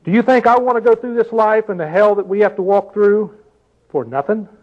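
An older male preacher with a high voice delivers a sermon in a loose, conversational way and keeps asking his listeners questions. The recording is dull and lo-fi. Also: a little fast.

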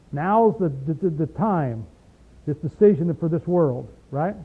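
A man's voice: fairly high pitch, moderate pace, slightly rough. A man preaching a sermon in a small room in an emphatic, folksy way, recorded on tape. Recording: tinny phone-like tape recording.

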